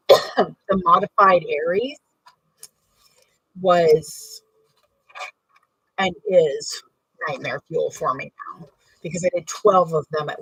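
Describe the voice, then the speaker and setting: Husky, slightly low woman, chatty and rambling, for a sewing tutorial. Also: dry recording, recorded from a distance, rough recording. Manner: chatty, rambling, self-correcting while working. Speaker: bag maker demonstrating sewing. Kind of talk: casual sewing tutorial chat.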